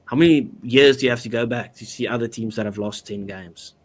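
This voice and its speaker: A man's voice: mid-range voice, brisk. A man co-hosting a casual sports podcast, blunt and opinionated. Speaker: podcast co-host. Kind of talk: casual rugby chat.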